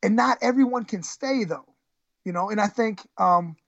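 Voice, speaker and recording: A woman wrestling coach talks in a gravelly voice, often stumbling and repeating herself as she tells her story. The recording is close and dry with a slightly dull, lo-fi tone. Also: mid-range voice, dry recording. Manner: halting, repeats words, emotional retelling. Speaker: high school wrestling coach. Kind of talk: storytelling in a podcast interview.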